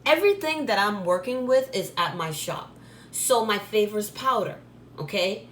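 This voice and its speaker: A woman's voice: medium pitch, expressive, normal speed. A woman who runs a spiritual supply shop, talking straight to camera in a blunt, scolding way and repeating herself for emphasis. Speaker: spiritual shop owner and channel host. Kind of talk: casual direct-to-camera vlog. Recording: echoey room, faint background noise.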